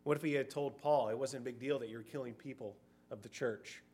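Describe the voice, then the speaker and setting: A man's voice: mid-range voice, fairly even intonation, a little fast, darkish tone, breathy edge. A middle-aged man preaching a sermon in a conversational way, sometimes acting out short quoted voices.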